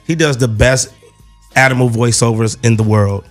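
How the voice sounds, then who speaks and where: A man's voice: mid-range voice, fairly even intonation, normal speed, faint music behind. Joking young man hosting radio banter. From Gary, Indiana. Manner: loose, joking, profane banter. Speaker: co-host reading questions. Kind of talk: casual radio chat.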